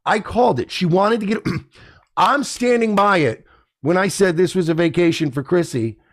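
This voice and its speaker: A high-voiced man hosts a podcast, ranting casually to camera at a moderate pace with lots of swearing and indignation, mocking others in put-on voices. The recording has no room sound.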